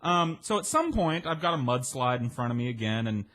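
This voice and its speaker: A man's voice: medium pitch, very animated, fairly quick, a bit bright. A man spins a long personal anecdote in an easy, rambling way. He backtracks, repeats words, and drops casual swearing. Now and then he lifts his voice to play the people in his story.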